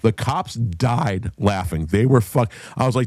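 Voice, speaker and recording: A man telling a profane story on a casual podcast, animated and loud in the telling. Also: lowish voice, measured pace, no echo, studio quality. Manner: animated storyteller, shouts when acting out others.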